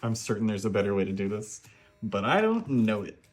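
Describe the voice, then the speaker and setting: A man's voice: lowish voice, very animated, brisk, soft background music. A man hosting a casual home cooking vlog from his kitchen, narrating each step with wry, self-deprecating jokes. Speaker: home cooking show host.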